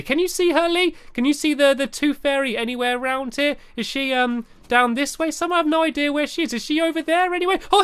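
A man giving playful, excitable commentary over a video game, often filling pauses with "uh". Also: high-pitched. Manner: animated and excitable, frequent "uh" fillers. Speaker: gaming video host. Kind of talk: playful let's-play commentary.

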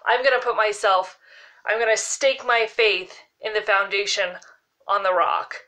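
A woman's voice: medium pitch, steady tone, a little slow, bright, forceful tone. A woman hosting a casual devotional Bible talk to camera, earnest and heartfelt, with lots of "like" as she goes. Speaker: Bible teacher, show host.

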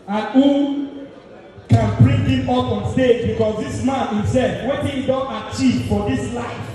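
A man with a Nigerian accent working as MC at a live show, hyping the crowd loudly and slipping into Pidgin. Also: very high voice, a little slow. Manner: loud, rousing, mixes in Pidgin. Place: live show venue in London. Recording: echoey hall from far off, loud crowd.

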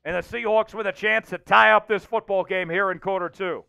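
A man hosting a livestream and calling the plays of a simulated football game, reading names from the chat and getting loud on big plays. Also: high-pitched, fairly quick, creaky, clear, resonant tone, lo-fi sound, soft background music. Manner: excitable, shouts out chat names and hypes touchdowns. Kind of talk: live play-by-play commentary.

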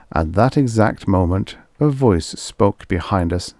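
Low-voiced man reading a story. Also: lively intonation, measured pace, hardly any pauses, darkish tone, no echo, studio quality. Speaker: audiobook narrator. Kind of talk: scripted narration.

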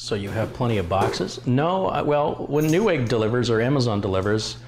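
A man's voice: mid-range voice, animated, brisk, slight background noise. A middle-aged man on a casual home live stream, chatting and talking playfully to his dogs. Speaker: tech channel host. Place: home room.

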